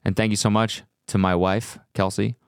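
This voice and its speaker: A man's voice: on the low side, normal speed, gravelly, smooth, no echo, clean studio sound. A man in his thirties hosting a podcast in casual, playful chat with his wife and a friend. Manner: playful, lively, slips into mock voices. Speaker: podcast host.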